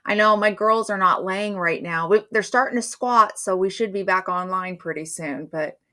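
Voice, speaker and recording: A woman's voice: mid-range voice, moderate pace, sharp tone. A middle-aged woman hosting a live stream, chatting casually and rambling in a friendly way.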